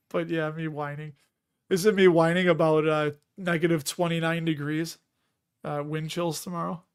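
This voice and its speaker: Middle-aged guy rambling on a livestream, laughs a lot, trips over words, slightly high voice. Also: little pitch movement, normal speed, clean tone. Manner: chatty, laughs often, restarts words. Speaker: livestream host. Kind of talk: casual livestream chat reading viewer comments.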